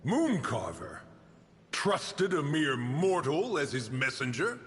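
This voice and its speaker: Imperious ancient mountain spirit. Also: male voice, a little high, wildly swooping pitch, slow pace, a bit bright, big-room sound, faint music behind, heavily acted. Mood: solemn. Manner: archaic, formal, menacing speech. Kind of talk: game cutscene voice acting.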